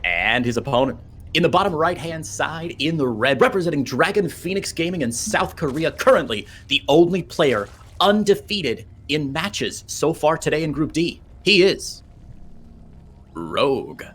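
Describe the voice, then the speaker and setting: Excitable male game commentator. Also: on the high side, normal speed, husky. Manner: excitable, jokey banter. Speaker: esports commentator.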